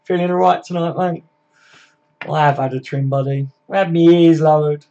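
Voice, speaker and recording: A man's voice: a little high, steady tone, normal speed, warm tone, lo-fi sound. A man hosting a casual live football chat, reading and answering viewer comments by name, swearing freely and laughing often. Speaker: livestream host.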